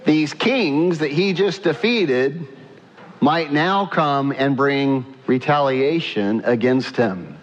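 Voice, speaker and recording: A man's voice: a little high, slow pace, long reverb tail, lo-fi sound. A man preaching a sermon in a conversational way, asking his congregation questions and repeating himself as he goes. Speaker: pastor.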